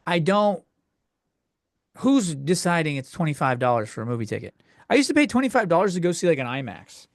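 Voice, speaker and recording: Ranting man, higher voice, dry sound. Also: sing-song, a little fast, no room sound. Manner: crude, exasperated ranting with frequent self-interruptions. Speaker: podcast host. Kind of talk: solo comedy podcast rant.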